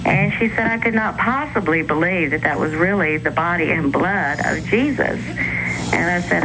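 A woman's voice: on the low side, a little slow. A woman calling in to a radio show, earnestly recounting a dispute in a plain way. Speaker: caller. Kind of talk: phone-in account. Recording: phone line with clear hiss.

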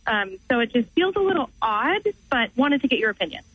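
A woman's voice: a little high, sing-song, fairly quick, breathy edge, no room sound. A cheerful young woman calling in to a radio show and asking for advice. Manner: upbeat, friendly. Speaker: caller. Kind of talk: phone call to a radio show. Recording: dull phone line.

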